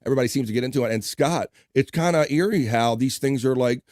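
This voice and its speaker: A man's voice: mid-range voice, fast talker, a little mellow, no room sound. Guy hosting his stream, loose and jokey, swears a lot, dry sound. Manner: loose, laughing, swearing, reading chat aloud. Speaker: host. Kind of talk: casual livestream chat.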